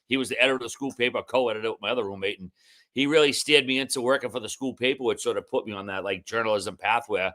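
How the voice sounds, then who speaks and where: A man in his fifties with a Boston accent and a gravelly voice, a podcast guest in casual chat, joking and ribbing his hosts. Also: medium pitch, fast talker, bright, forceful tone. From Massachusetts. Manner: joking, self-deprecating, ball-busting banter.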